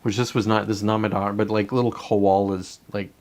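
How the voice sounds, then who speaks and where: Speaking fairly quickly in a lowish, slightly mellow voice with a level tone, a male livestreamer chats casually. His talk is rambling and profane, full of self-interruptions where he stops mid-sentence and restarts.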